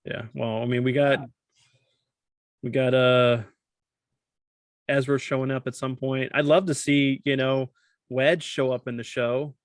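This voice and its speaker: A man's voice: mid-range voice, flat delivery, unhurried, long pauses, no echo, studio quality. A man hosting a casual podcast chat, joking around and tripping over his words. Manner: stumbles over words, jokey. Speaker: podcast host.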